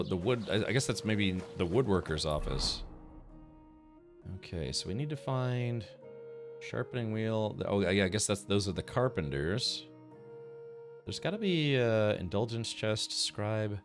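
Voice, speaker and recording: A man with a lowish voice chats through a game stream, thinking out loud with lots of fillers. He sounds relaxed and unscripted. Faint game music plays behind him. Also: a little slow, pauses often. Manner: chatty, musing aloud with fillers. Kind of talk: casual gameplay commentary.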